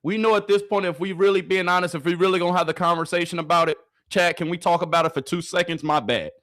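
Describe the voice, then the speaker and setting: A man's voice: sits high, fast, a bit bright, no room sound, studio quality. A man giving hyped, slangy sports commentary over practice clips, repeating lines and talking straight to his viewers. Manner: hyped, repetitive, slangy delivery addressing viewers.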